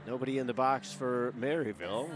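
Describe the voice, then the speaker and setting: A man's voice: mid-range voice, over music. Man calling live hockey play-by-play. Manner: brisk, running call of the action that climbs to shouts. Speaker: play-by-play announcer.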